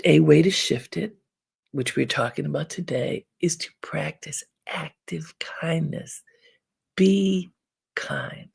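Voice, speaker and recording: A woman hosting an inspirational self-help talk, giving calm, unhurried advice with frequent pauses. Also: low-pitched, creaky, husky. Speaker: host.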